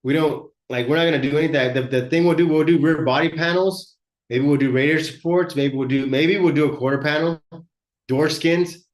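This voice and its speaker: Man, live workshop host, blunt coaching, repeats words a lot, higher-pitched voice, echoey room. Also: fairly even intonation, brisk. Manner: blunt, conversational coaching with frequent word repeats. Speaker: host and auto body shop owner. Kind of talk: casual live business workshop talk.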